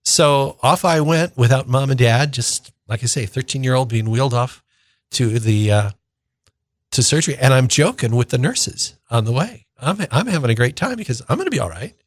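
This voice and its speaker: A man's voice: medium pitch, moderate pace, dry recording. Older man telling a story, dry studio sound. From northern Minnesota. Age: 60s. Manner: conversational, animated retelling with acted-out quotes. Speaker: deacon and radio host. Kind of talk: personal storytelling on religious radio.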